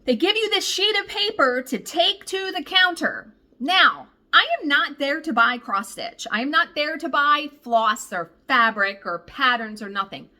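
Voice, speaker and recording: Female craft vlogger, lively storyteller, bright voice, fairly high, salty language. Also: unhurried, few pauses. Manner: animated, profane, exasperated storyteller. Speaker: cross-stitch vlogger. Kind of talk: casual storytelling.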